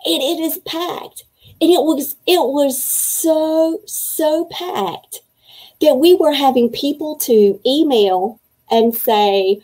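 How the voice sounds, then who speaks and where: A middle-aged woman hosting a virtual writing conference, telling her story in an emotional, faith-filled, excited way. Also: sits high, slow, rough recording. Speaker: conference organizer and host. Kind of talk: welcome speech to a virtual conference.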